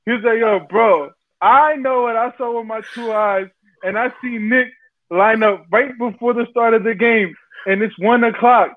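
A man on a podcast panel, excitedly telling a story and acting out what people said. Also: very high-pitched, moderate pace, phone-quality sound. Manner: excitable, acts out the voices in his stories. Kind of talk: animated storytelling.

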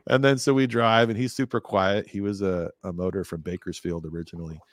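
This podcast guest, a man from California, talks a little fast in a deep, low voice, wandering through animated stories and going up in pitch whenever he quotes someone. The sound is close and dry, without any echo.

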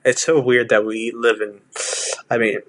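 A man's voice: medium pitch, level tone, a little slow, a little hiss or hum. A man from Texas with a Southern accent, chatting casually, rambling with lots of restarts and fillers. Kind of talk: casual chat.

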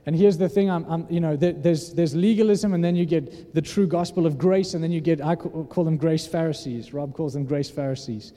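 A man's voice: on the high side, a little fast, few pauses, dark tone. A man preaching a sermon in an earnest, conversational way, often restarting his sentences. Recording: long hall reverb.

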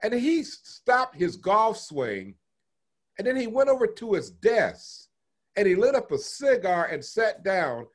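An older man from Texas recounts his past at length in an interview. His voice sits a bit higher than most men's. He chuckles and slips into the voices of the people he remembers. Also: a little slow. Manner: animated storyteller, chuckles, acts out quoted voices. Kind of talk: oral history storytelling.

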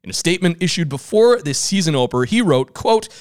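A man's voice: a little high, sing-song, fast talker, clear, resonant tone, dry recording, clean studio sound. A man with a Southern US accent hosting a casual news chat, reading stories out and laughing easily. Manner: reads news items with quotes, laughs easily.

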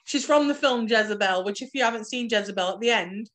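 A woman's voice: a little high, fast talker, a bit bright. A woman co-hosting a casual film podcast, chatty, wry and full of guesses. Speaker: podcast co-host.

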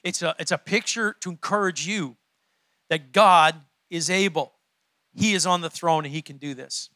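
A man's voice: on the high side, moderate pace, sharp tone, dry recording. A male pastor preaching a conversational sermon to his church, often repeating his words as he goes. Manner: conversational, repeats words, laughs between points.

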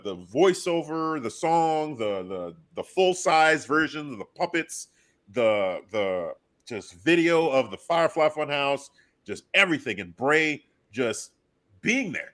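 Animated man recapping wrestling excitedly. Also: on the high side. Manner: excited, animated retelling with acted-out reactions. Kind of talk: casual wrestling podcast chat.

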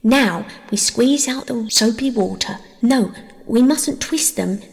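A woman voicing an eager, bossy young girl in a storybook reading, bright and chatty, with a gravelly edge and long reverb. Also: a little high, slow. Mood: playful.

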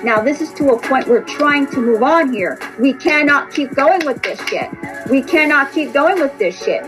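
Brief: woman podcast reader, higher voice, blunt and repetitive, swears freely, light music under her. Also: lively intonation, normal speed, rough recording. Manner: blunt, repetitive, profane, emphatic. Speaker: tarot reader and podcast host. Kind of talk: casual spoken monologue.

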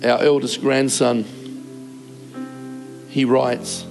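An older man preaching a sermon as a pastor, earnest and emotional, with short pauses. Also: a little high, creaky, faint music behind.

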